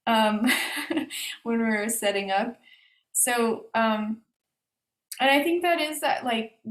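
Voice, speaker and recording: Woman artist with a roomy echo. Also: a little high. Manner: hesitant, many fillers and restarts. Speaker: artist discussing her exhibition. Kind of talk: casual conversational answers. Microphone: video call. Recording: roomy echo on a video call.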